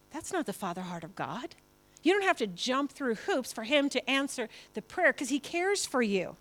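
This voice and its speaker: A woman pastor preaches to her church with a bright, high-pitched voice. She talks in a conversational, emphatic way. She often slips into acted-out quotes. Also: very animated, moderate pace. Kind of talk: sermon.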